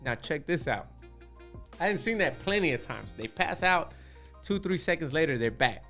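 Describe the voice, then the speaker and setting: A man's voice: fairly high pitch, animated, normal speed, a bit bright, faint music behind. A man, a tattoo artist, telling a story on a podcast in a laid-back, streetwise way, with a lot of "you know what I'm saying".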